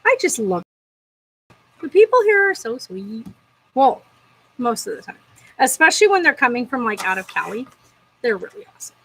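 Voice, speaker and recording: A woman's voice: a little high, sing-song, moderate pace, long pauses, fairly bright tone, low-quality recording. A young woman chatting to herself in a casual vlog, bubbly and talkative. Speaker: vlogger.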